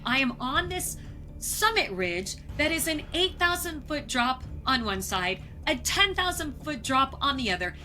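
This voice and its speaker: Brief: American woman explorer, middle-aged, bright and a bit high voice, lively storyteller. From United States. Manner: vivid, acts out quoted moments. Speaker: guest, polar explorer. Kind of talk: storytelling interview.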